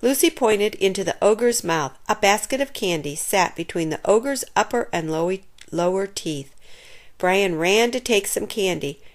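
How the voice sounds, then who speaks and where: A woman reading a children's chapter book aloud in an expressive storytelling manner. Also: mid-range voice, unhurried.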